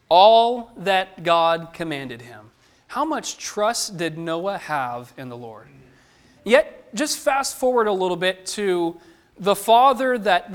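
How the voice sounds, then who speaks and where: A man preaching a sermon, who asks the listeners questions and acts out the lines of the people he quotes. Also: high-pitched.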